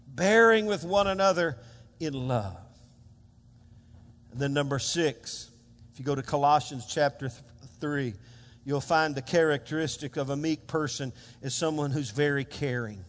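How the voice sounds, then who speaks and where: A man preaching a sermon as pastor, animated and calling out for responses from the congregation. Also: a little high. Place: church sanctuary. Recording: long hall reverb.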